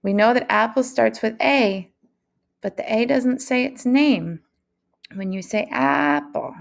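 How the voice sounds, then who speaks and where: A woman's voice: on the high side, expressive, creaky. A woman teaching a phonics lesson to young children, speaking in a patient, encouraging way. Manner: slow, patient, encouraging classroom delivery.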